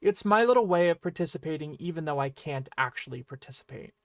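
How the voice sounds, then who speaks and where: Male online language teacher, high voice, friendly and explanatory, dry close sound. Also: animated, quick pace, no room sound. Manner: friendly explaining, often checking in with "right?".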